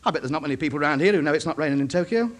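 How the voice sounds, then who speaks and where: A man's voice: fairly high pitch, lively intonation, racing, natural voice. An actor playing a lonely, self-important middle-aged radio ham. He mutters to himself and chats pompously in a 1950s radio comedy. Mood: musing. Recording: hissy old broadcast recording.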